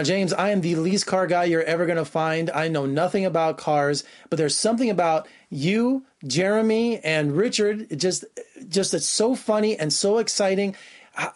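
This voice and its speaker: Upbeat interviewer guy, high voice, jokes about himself. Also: animated, moderate pace. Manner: eager, upbeat, self-deprecating. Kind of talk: entertainment interview.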